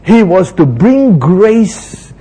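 A man's voice: sits high, very animated, very slow, mellow, breathy edge, poor audio. A man preaching a sermon, retelling scripture in an earnest, repetitive way.

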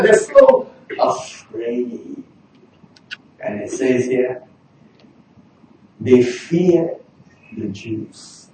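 A man preaching a sermon in a lively way, often rising to a shout for emphasis. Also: medium pitch, very slow, long pauses, a little hiss or hum. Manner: animated, bursts into shouting for emphasis. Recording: very echoey hall, mic far off.

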